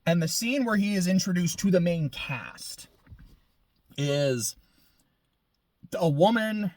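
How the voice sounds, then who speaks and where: A man's voice: sits high, expressive, slow, darkish tone, no room sound. A man giving casual, profane and sarcastic video essay commentary as an anime reviewer.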